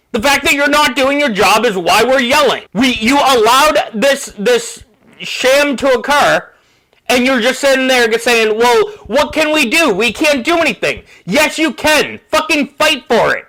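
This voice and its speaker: A man hosting a podcast, delivering an angry, profane political rant in a low-quality first recording. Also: sharp tone. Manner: furious, profane, ranting. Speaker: podcast host.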